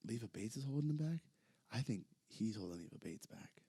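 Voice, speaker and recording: A man co-hosting a podcast, chatting casually and a bit hesitantly, getting excited as he talks. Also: mid-range voice, a little fast, husky. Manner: rambling, hesitant, gets excited. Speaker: podcast co-host. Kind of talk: casual chat recapping wrestling.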